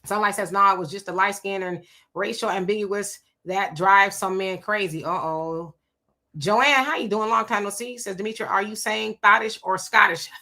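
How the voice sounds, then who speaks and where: Woman doing a live stream, bright tone, gabbing thru viewer comments and cracking little jokes. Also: mid-range voice, moderate pace. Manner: chatty, opinionated, laughing asides. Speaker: livestream host. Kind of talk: casual live chat reading viewer comments.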